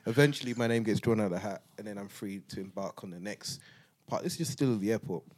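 A man with a fairly low voice tells a travel story in a relaxed podcast chat. He laughs often and jumps up into other people's voices when he acts out their lines. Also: fast. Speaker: podcast host.

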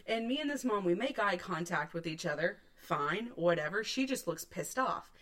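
A woman in her thirties telling a wild story on a podcast, swearing freely, laughing often and shouting out the lines she quotes. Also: lowish voice, animated, moderate pace. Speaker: podcast co-host. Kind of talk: animated storytelling.

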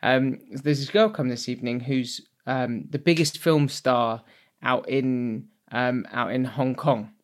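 A man's voice: mid-range voice, steady tone, measured pace. A young man co-hosting a podcast, telling anecdotes in casual chat and laughing often. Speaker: podcast co-host.

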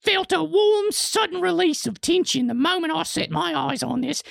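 A man's voice: mid-range voice, normal speed, no echo, studio quality, lightly acted. A man voicing a giddy British male product reviewer in a shaky put-on English accent that slides toward Australian. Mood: gushing. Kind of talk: comedic podcast bit.

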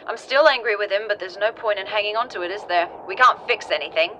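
A woman's voice: mid-range voice, fast talker, muffled recording, background noise, close to an everyday voice. An actress playing a guarded, blunt woman scientist stuck on Mars in an audio drama. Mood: earnest. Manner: dry, blunt. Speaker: voice actor.

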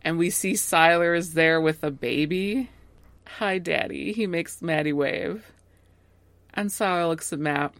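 A young woman co-hosting a casual recap podcast, expressive and quick to laugh, adding short remarks. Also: deep voice, dry recording. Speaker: podcast co-host recapping a TV series. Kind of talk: casual chat.

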